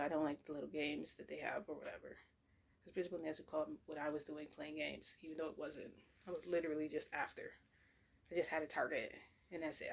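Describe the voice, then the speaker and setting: A woman's voice: deep voice, creaky, darkish tone, slight background noise. A woman telling a long story in a casual, rambling way, full of asides and self-corrections. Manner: rambling and chatty, with lots of fillers and self-corrections.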